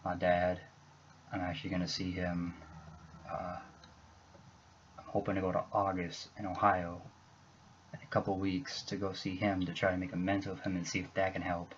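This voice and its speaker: Low, flat-voiced young man, halting. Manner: halting, rambling, earnest, with restarts. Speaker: YouTuber. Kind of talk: emotional personal vlog. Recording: dull lo-fi with faint hiss.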